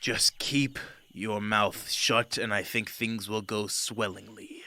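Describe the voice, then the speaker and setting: A man voicing a weary male lion king who speaks slowly and gravely. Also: lowish voice, fairly even intonation, pushed and bright, dry recording, exaggerated voice. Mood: stern. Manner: slow, sighing and grave.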